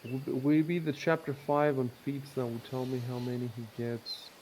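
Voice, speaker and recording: A man's voice: medium pitch, level tone, moderate pace, a little mellow, a little hiss or hum, poor audio. A man running a tabletop game, explaining rules with many fillers and restarts. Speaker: game master.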